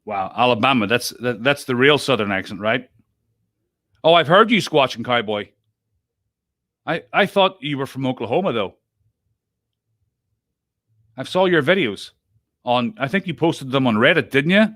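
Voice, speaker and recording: A man's voice: mid-range voice, animated, moderate pace, pauses often, a bit bright, no room sound, clean studio sound. A man hosting a podcast, chatting casually with guests, self-interrupting and laughing often. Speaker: podcast host. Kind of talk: casual group chat.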